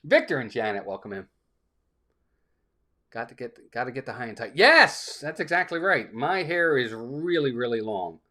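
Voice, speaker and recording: A man's voice: medium pitch, very animated, moderate pace, sharp tone. Upbeat man hosting a live stream. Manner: upbeat, greets chat viewers by name. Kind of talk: casual live-stream chat.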